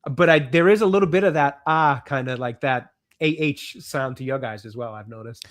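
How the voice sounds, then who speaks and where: A man's voice: medium pitch, fairly quick. A man with a Boston accent, co-hosting a casual film podcast chat, musing and hedging with many restarts.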